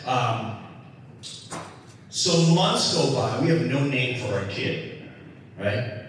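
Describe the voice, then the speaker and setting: Middle-aged comic, animated rambling storyteller, recorded far off in a reverberant hall. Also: male voice, measured pace, pauses often. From United States. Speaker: comedian host. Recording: echoey hall from far off with low rumble.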